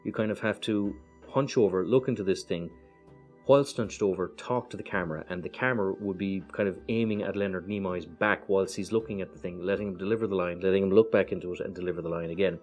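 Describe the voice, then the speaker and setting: An Irish man casually walking through a board game's cards one by one, relaxed and hesitant, with many fillers and chatty asides. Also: low-pitched, fast talker, soft background music. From Ireland. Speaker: board game reviewer. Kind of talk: casual card-by-card walkthrough.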